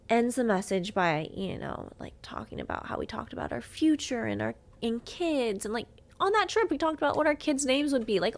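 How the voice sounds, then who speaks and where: A young woman talks to her podcast listeners in a storytime monologue with a pitch in the middle range. She tells it with lively energy and swears freely. She acts out both sides of each argument as she goes. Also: vocal fry. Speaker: podcast host.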